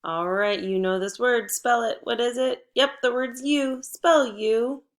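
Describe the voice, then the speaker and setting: A woman teacher giving a spelling and phonics lesson to first graders, patient and encouraging, prompting with clear cues. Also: fairly high pitch, unhurried. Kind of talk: phonics lesson for young children.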